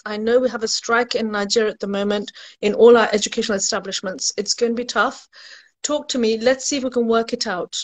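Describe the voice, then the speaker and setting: A woman education recruiter chatting casually on a live stream, laughing at her own jokes and answering viewers' questions. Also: on the high side.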